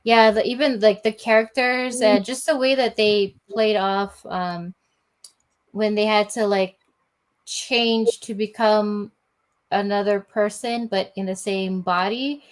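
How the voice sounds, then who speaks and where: A woman's voice: medium pitch, steady tone, slow. A woman co-hosting a casual chat, gushing and chatty with many fillers.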